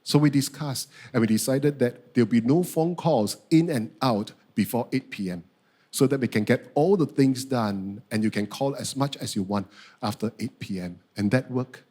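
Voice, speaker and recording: Middle-aged pastor, lively, story-driven sermon delivery with sweeping pitch. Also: male voice. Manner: animated storytelling, acting out his own outbursts.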